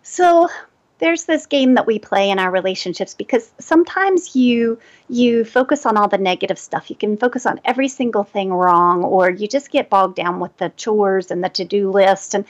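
A middle-aged woman, an energy healer, giving relationship advice in an animated way and acting out quoted thoughts. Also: mid-range voice. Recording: dull lo-fi sound.

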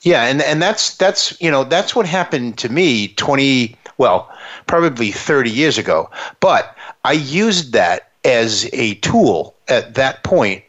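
A man's voice: mid-range voice, very animated, slow, a bit bright. A man speaking earnestly and reflectively, often restarting his phrases. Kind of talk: conversational interview talk. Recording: dull lo-fi sound.

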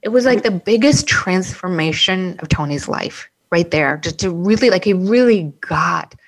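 A woman's voice: on the low side, expressive, moderate pace. A woman working as a psychic medium, casually and animatedly telling a story and acting out the voices.

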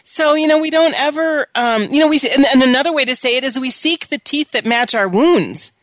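A woman hosts a reflective talk radio chat, her voice sitting a little high. She talks earnestly and leans on "you know" fillers. The studio sound is close and dry. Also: a little fast, fairly bright tone, dry recording. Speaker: radio show host.

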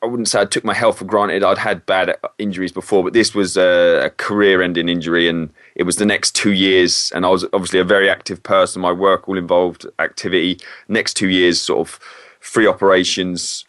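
A man speaks in a fairly low voice in a relaxed interview. He is candid and often halting as he corrects himself mid-sentence. The sound is dry and close. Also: no room sound. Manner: candid, hesitant, self-correcting. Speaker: guest, former PE teacher. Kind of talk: casual interview.

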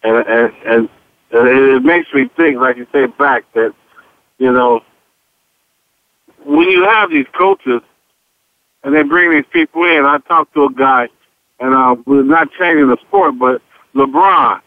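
A man co-hosting a casual sports talk radio show, animated, asking his partner questions and retelling conversations. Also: medium pitch, measured pace, pauses often. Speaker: sports talk show co-host, former player. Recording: dry, tinny phone-like radio sound.

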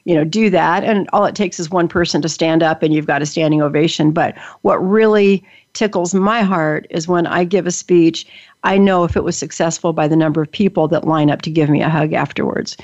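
An older woman hosts a talk show in a chatty, enthusiastic way, tripping over her words and starting again. Her voice sits a little low. The recording sounds dull and lo-fi. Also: brisk, a little mellow. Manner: chatty, enthusiastic, many restarts. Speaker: podcast host. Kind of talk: casual interview chat. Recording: dull lo-fi audio.

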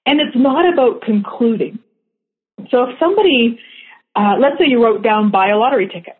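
A woman's voice: a little high, lively intonation, brisk. A woman teaching a class in a chatty way, often laughing at her own jokes. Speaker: workshop facilitator. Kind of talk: teaching talk. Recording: tinny phone-line sound.

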